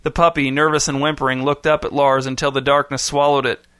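A man reading a story aloud in steady, even scripted narration. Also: mid-range voice, a little fast, clear, resonant tone, no echo, clean studio sound.

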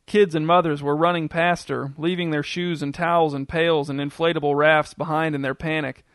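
A man narrating a scripted story with a steady, descriptive delivery. His voice sits a little higher than most men's. The recording is dry and close, with almost no room sound. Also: normal speed, clear, resonant tone, dry recording.

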